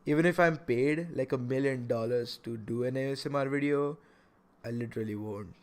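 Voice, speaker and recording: A young man hosting a casual podcast, talking in an animated way with many stammered restarts. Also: medium pitch, brisk. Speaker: podcast host.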